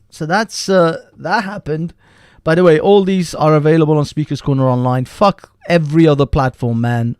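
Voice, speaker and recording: Gravelly, profane stream host. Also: male voice, a little high, darkish tone, dry recording, studio quality. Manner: profane, breaks into laughter. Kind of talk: casual live commentary.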